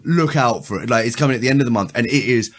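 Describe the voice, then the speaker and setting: A man's voice: medium pitch, quick pace. A man co-hosting a casual podcast chat who rambles with frequent restarts and a dry, amused, sarcastic tone. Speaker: podcast co-host.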